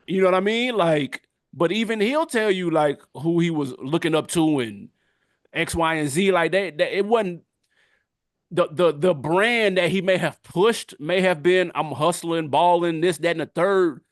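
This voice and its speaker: A middle-aged man riffing on a podcast with a fairly high, lively voice. He talks loose and animated, drops slang, and laughs between points. The sound is dry and close to the mic with no room around it. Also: measured pace, dry recording. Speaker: podcast co-host. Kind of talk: casual chat.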